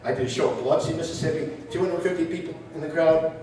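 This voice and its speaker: A man's voice: a little high, fairly even intonation, quick pace, darkish tone. A man from Milwaukee performing a stand-up comedy set, joking and stammering through restarts as he laughs at his own jokes. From Milwaukee, Wisconsin. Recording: distant mic in an echoey room with a crowd. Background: audience laughing.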